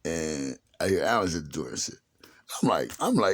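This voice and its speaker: Man, casual storytelling, slangy, profane, acts out other voices, raspy, very lively pitch. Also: normal speed.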